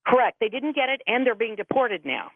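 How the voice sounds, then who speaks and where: A woman's voice: fairly high pitch, lively intonation, brisk, no echo. A middle-aged woman, a veterans' advocate calling in as a radio guest, telling stories earnestly and quoting people at length. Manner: earnest storytelling, quotes others at length. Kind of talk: radio interview over the phone. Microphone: telephone. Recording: tinny phone line, dry.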